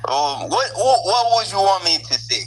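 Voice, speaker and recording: A man's voice: high-pitched, big pitch swings, moderate pace, rough recording. A man from Africa calling in to a show, arguing in a defiant, dismissive way. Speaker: caller. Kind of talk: call-in argument.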